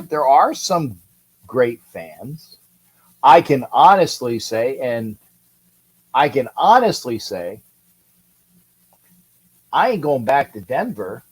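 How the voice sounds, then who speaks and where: Huge pitch swings mark the husky, mid-range voice of this Californian sports talk livestream host, who talks slowly with long pauses. He rambles casually, reads viewer comments and greets people by name, and the audio quality is poor.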